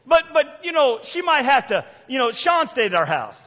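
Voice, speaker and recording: An older man with a Southern US accent preaching a fiery sermon, loud and preachy with sudden shouts and quiet asides. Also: very high voice, big pitch swings, moderate pace. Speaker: pastor. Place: church sanctuary. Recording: long church hall reverb.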